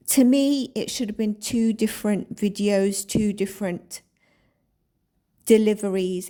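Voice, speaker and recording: A woman who hosts her own psychic channel speaks in a mellow, medium-pitched voice. She offers reflective commentary on a video and asks viewers to think about how it made them feel.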